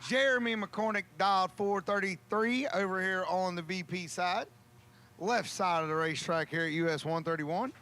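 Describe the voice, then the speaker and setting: A man calling a drag race, with a joking, folksy manner and drawn-out calls. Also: high-pitched, sharp tone, a little hiss or hum. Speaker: race announcer. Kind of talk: drag racing commentary.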